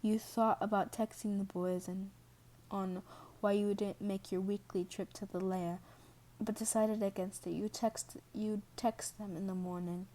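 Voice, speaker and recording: Mellow-voiced woman reading a story. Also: medium pitch, flat delivery, a little slow, few pauses. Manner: reads with restarts and self-corrections, stops to apologize. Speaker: fan fiction reader. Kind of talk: second-person story reading.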